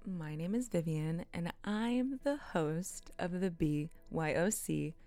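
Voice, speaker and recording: A young woman hosting her own podcast, talking in a giggly, excitable way and swearing often. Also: lowish voice, slow, soft background music. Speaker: podcast host. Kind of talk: casual solo podcast.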